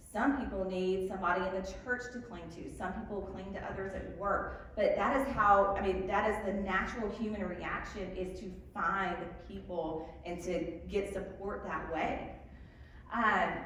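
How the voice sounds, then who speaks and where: A woman's voice: medium pitch, a little hiss or hum. A woman giving a candid faith talk to a live group, self-deprecating, with frequent ums and small laughs. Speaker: speaker at a church evening talk. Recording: echoey hall from a distance.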